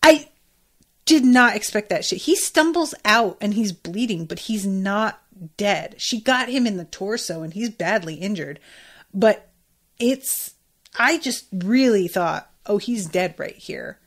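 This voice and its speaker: A woman's voice: medium pitch, animated, unhurried. A woman hosting a podcast, recapping an episode in casual chat with emphatic, exclamatory reactions and frequent swearing. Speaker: podcast host.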